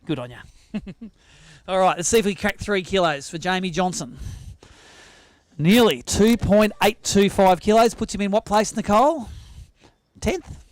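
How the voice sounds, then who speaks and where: An Australian man hosting a fishing weigh-in, bantering in an energetic, teasing way. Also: high voice, no room sound, clean studio sound. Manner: energetic, teasing, quick-talking. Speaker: weigh-in host. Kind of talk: live tournament emcee banter. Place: outdoor weigh-in stage at a sailing club.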